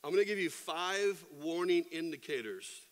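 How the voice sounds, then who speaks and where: A man's voice: fairly high pitch, expressive, normal speed. A middle-aged man preaching a sermon as pastor, telling stories animatedly and acting out sound effects and quoted voices. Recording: long hall reverb.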